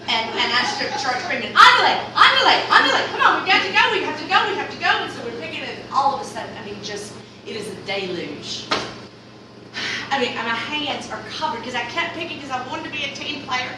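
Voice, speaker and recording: A Southern woman from the Mississippi Delta, spinning a comic yarn in a lively drawl that bursts into loud exclamations. Her voice sits a little high. The recording is distant and very roomy. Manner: animated, drawling, swings into loud exclaimed quotes. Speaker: storyteller. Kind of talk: casual comic storytelling. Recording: roomy, distant mic, clear background noise.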